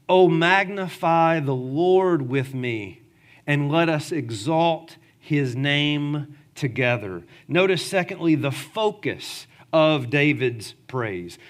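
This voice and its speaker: Emphatic man preaching a sermon. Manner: emphatic, calls for amens, drops low for stress. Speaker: pastor.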